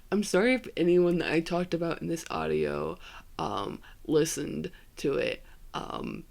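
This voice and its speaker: Young solo podcaster, super fried gravelly voice, scattered self-roasting ramble. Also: mid-range voice, expressive, normal speed. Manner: scattered, self-deprecating, giggly asides. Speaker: podcast host.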